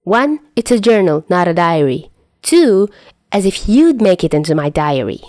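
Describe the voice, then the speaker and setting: A woman's voice: on the low side, sing-song, normal speed, warm tone, no echo. Woman doing a mocking, teasing young man. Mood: taunting. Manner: mocking, sing-song taunting.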